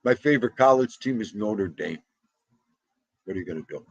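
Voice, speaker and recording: A man's voice: fairly low pitch, lively intonation, a little fast, vocal fry, pauses often, slightly rough, no room sound, muffled recording. A middle-aged man, hosting a livestream and chatting casually and chattily with viewers, laughing as he goes. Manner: chatty, laughing, talks back to the chat. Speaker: livestream host. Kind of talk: casual chat with live viewers.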